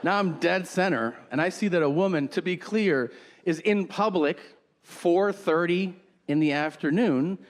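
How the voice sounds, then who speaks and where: A middle-aged man doing stand-up comedy, telling a story and acting out the other people's lines in quick put-on voices. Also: sits high, in a large hall. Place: comedy stage before a live audience. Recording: stage recording with audience noise.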